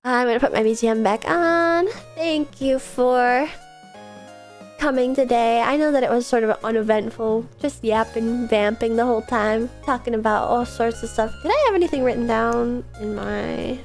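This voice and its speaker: A young woman with a higher voice and a congested, stuffed-up nose from a cold, chatting loosely to her stream late at night. She rambles with lots of "like" fillers and breaks into giggles, with faint background music playing under her. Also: normal speed. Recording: soft music behind.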